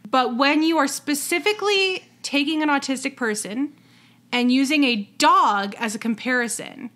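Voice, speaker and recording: Podcast co-host, woman, bright and a bit high, chatty with lots of fillers. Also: normal speed. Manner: chatty, many fillers and restarts. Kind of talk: casual chat.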